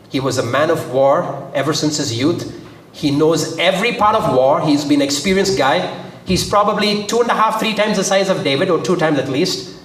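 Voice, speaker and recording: Man, sermon, animated, high and lively pitch, echoey room, distant mic. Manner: animated, acts out quotes with a raised pitch. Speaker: preacher.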